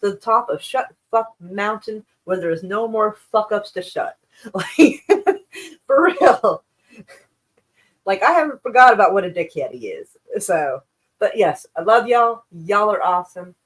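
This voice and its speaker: A woman's voice: medium pitch, lively intonation, unhurried. A woman hosts a live stream and talks loosely to her chat, thanking viewers by name in a gushing way. Her talk drifts from topic to topic and is laced with swearing. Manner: effusive, profane, rambling.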